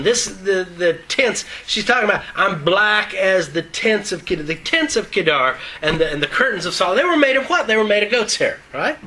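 An older man teaches the Bible in a folksy, joking style. His voice sits fairly high and rings bright and forceful, and his loose dentures slur a syllable now and then. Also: sing-song, moderate pace, hardly any pauses, poor audio. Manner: folksy and joking, with reading of scripture. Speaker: preacher.

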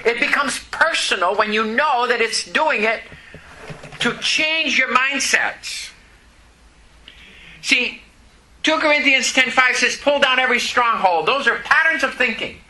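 A man preaching a sermon, slow and emphatic, repeating key words to his congregation. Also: very high voice, pushed and bright, rough recording. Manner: preaching slowly with emphatic repetition. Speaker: pastor.

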